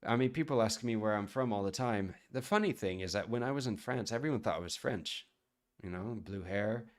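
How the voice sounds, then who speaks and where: A man's voice: medium pitch, expressive, quick pace. A man from the United States, a chef chatting casually on a live stream and answering viewer questions in a rambling way.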